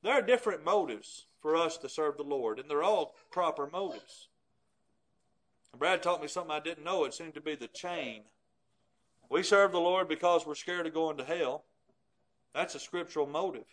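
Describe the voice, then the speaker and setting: High-voiced man preaching a sermon. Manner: emphatic, rising to pleading intensity on scripture.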